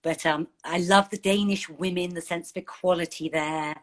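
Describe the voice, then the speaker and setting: A middle-aged woman, an author guest, telling stories in an animated, chatty way on a video call. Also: fairly low pitch, normal speed. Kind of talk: casual online interview.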